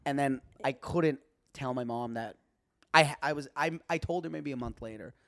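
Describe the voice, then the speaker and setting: A young man, a comedian guest, telling a story in casual podcast chat, with many stammered restarts and big jumps in pitch when he quotes himself. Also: normal speed, fairly bright tone, no room sound, clean studio sound.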